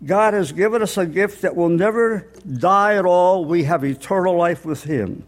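Older man preaching with a high voice. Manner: plain teaching tone, slows on key words, explains scripture step by step. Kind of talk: sermon.

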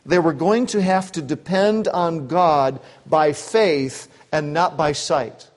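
A man delivers a sermon from an outline, working through points in a conversational, unscripted way. His voice sits somewhat high for a man. He breaks off into asides and acts out short quotes. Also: slow pace. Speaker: pastor. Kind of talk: expository sermon.

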